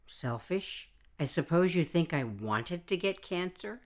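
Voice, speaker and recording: A woman's voice: lowish voice, expressive, measured pace, a little mellow. A woman reading the part of a stubborn, middle-aged homemaker who speaks firmly and defiantly. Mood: resolute. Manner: firm, defiant. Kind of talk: audiobook dialogue reading.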